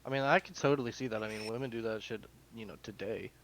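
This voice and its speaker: A man in a casual podcast chat, blunt and crude with a deadpan edge. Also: fairly low pitch, fast, a little hiss or hum, rough recording.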